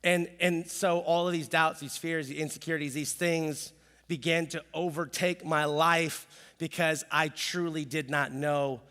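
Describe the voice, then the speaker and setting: A man in his thirties preaching a casual, animated sermon as pastor, telling self-deprecating stories with jokes. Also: on the high side, measured pace, big-room sound. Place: church sanctuary.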